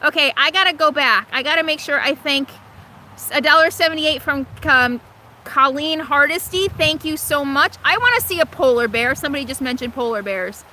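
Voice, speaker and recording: Woman, middle-aged, casual live-stream chat, fillers and restarts, high-pitched. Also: normal speed, slight background noise. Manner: chatty, frequent fillers and restarts, thanks donors warmly. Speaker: RV vlogger hosting a live stream. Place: inside an RV or vehicle.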